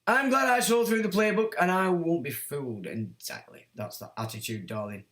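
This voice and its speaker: A man's voice: on the high side, lively intonation, moderate pace, a bit bright, echoey room. A man hosting a livestream, reading chat comments and ranting in a blunt, sweary, sardonic way. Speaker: livestream host.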